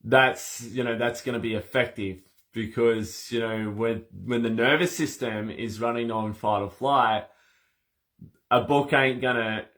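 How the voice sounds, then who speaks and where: A man coaching breath work in a casual conversation, animated and laughing as he acts out little scenes. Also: mid-range voice, a little slow.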